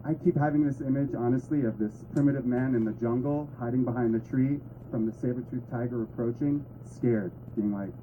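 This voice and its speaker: A man's voice: mid-range voice, brisk, few pauses, muffled recording, a little hiss or hum. A man giving a talk to an audience in a conversational way with playful asides. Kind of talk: presentation to an audience.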